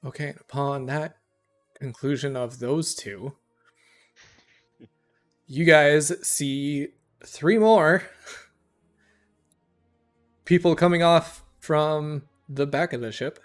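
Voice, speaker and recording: A man narrating as dungeon master, lively and quick to laugh. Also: a little high, soft background music. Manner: laughing often, animated narration. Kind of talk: narrating a tabletop game.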